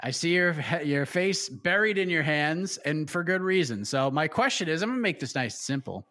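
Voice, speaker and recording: A man's voice: fairly high pitch, expressive, normal speed, sharp tone. A man hosting a panel show, putting questions to guests in a playful quizmaster way. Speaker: host. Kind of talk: game-style panel hosting.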